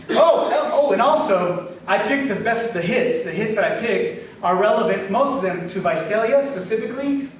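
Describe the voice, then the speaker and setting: A man, an author, telling a lively story to a live audience, chatty and animated, leading the crowd in call-and-response. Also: sits high. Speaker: author giving a reading. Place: event hall with an audience. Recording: very echoey hall, far from mic, faint hiss.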